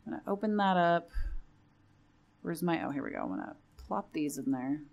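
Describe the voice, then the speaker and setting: A woman's voice: lowish voice, animated, moderate pace, gravelly, a little mellow, highs cut off. A young woman giving casual commentary while playing a building game, chatty and nervous, often repeating reassurances to herself under her breath. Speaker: Minecraft let's play creator.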